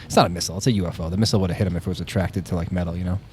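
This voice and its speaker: Podcast co-host, man, fast-talking jokester, faint background noise. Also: deep voice, fairly even intonation, darkish tone. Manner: joking, sarcastic, swears. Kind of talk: casual chat.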